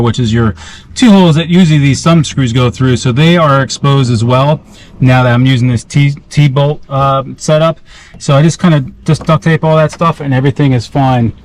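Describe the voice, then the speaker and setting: A man's voice: mid-range voice, a little mellow, rough recording. A man casually walking through a gear install for his vlog, rambling and correcting himself as he works, a bit out of breath. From South Carolina. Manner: rambling, self-correcting, talks while working with his hands. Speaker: outdoor gear vlogger.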